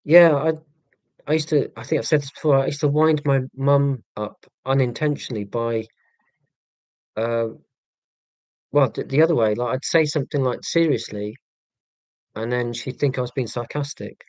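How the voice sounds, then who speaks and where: Casual live-stream host: man, flat monotone, deadpan self-mocking humour, dry close sound. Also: medium pitch, moderate pace, pauses often, dry recording. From England. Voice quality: monotone delivery.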